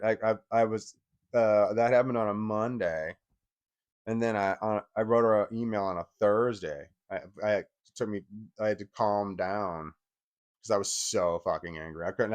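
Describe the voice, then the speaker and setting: A man's voice: on the low side, moderate pace. A man in his forties giving an angry, profane personal rant, often stumbling and restarting his sentences. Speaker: vlogger.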